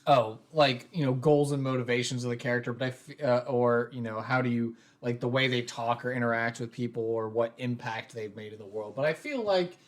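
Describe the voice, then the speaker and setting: A man's voice: medium pitch, brisk, hardly any pauses. A man hosting a tabletop role-play podcast, talking casually with lots of fillers and restarts. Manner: rambling, filler-heavy. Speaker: podcast host and game master. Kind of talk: casual chat.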